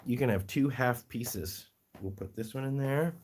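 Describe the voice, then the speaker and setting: Male livestream host, unhurried, chatty and affectionate with his pets, mid-pitched voice. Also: a little mellow, slight background noise. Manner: chatty, fond baby-talk to his pets, laughs often. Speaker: guinea pig rescue livestream host. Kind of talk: casual livestream chat.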